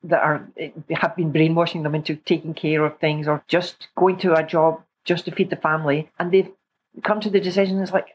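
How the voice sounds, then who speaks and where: A woman's voice: lowish voice, a little fast, dull audio, slight background noise. A woman hosting a podcast interview in a chatty, casual way, laughing often. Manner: chatty, laughs often, animated when retelling. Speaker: podcast host. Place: remote call.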